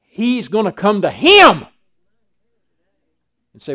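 An older man preaching a sermon in a strikingly high voice. He talks in a folksy, preachy way and slips into the voices of Bible figures as he tells their stories. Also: expressive, moderate pace, fairly bright tone. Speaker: pastor.

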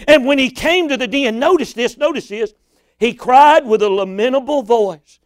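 High-voiced preacher, impassioned. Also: male voice, normal speed, dry recording. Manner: impassioned, rising to shouts and cries. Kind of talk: sermon.

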